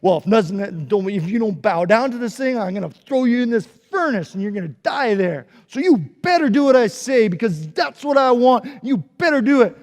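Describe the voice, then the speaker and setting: A man's voice: extremely high pitch, very animated, takes it slowly, darkish tone, voice pushed up, exaggerated voice. A man voicing a vain, angry king who bellows orders and boasts about himself. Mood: boastful. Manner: bellowing, bossy, pompous. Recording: echoey hall.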